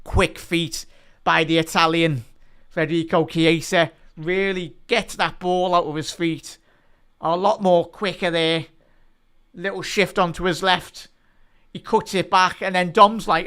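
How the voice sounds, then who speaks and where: A man hosting a live football watch-along, chatting to viewers and shouting out at goals. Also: a little high, steady tone, normal speed, clear, resonant tone. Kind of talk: live match reaction and chat.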